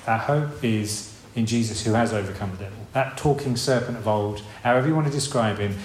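A man's voice: fairly low pitch, brisk, slight background noise. A man preaching an informal sermon in a conversational, rambling way, with many restarts and asides. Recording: roomy hall with faint ambience.

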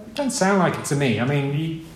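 A man's voice: a little high, expressive, brisk, a little hiss or hum. A man preaching an informal sermon in a conversational, rambling way, with many restarts and asides. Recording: roomy hall with faint ambience.

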